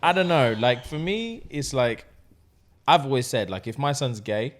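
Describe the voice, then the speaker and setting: A man co-hosting a podcast in casual chat, loud and laughing, swearing often and restarting his sentences. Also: medium pitch, animated, normal speed. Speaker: podcast co-host.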